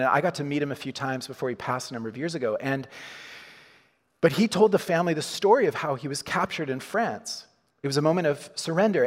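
A man's voice: a little high, big-room sound. A man preaching a sermon in a church, chatty and informal, with frequent restarts and chuckles. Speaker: pastor. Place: church hall.

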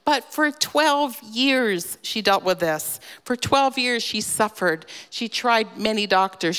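A woman giving an earnest devotional teaching on a scripture passage, gently emphatic and personal. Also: mid-range voice, clear, resonant tone. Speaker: devotional speaker. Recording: long reverb.

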